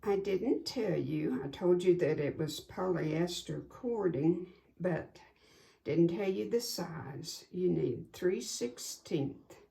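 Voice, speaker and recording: Crafting tutor, female, low-pitched with fry, slow homey step-by-step delivery. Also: expressive, warm tone. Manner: unhurried, homey step-by-step explaining. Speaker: quilting instructor. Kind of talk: hands-on sewing tutorial.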